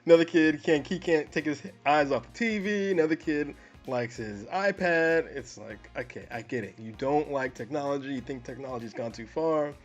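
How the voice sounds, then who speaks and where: A man co-hosting a casual movie review podcast, animated, restarting his sentences often. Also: fairly high pitch, normal speed, lo-fi sound, soft background music. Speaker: podcast co-host.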